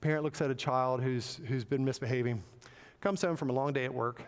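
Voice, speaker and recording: A man's voice: mid-range voice, steady tone, fairly quick, clear, resonant tone. A man preaching a sermon as pastor, earnest and repeating words as he searches for phrasing. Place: church sanctuary. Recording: long reverb of a church hall.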